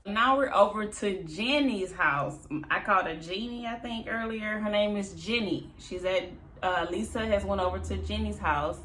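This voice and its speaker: A woman's voice: medium pitch, normal speed, a bit bright. A woman recapping a reality show in a casual, chatty way, laughing often and mimicking the people she quotes.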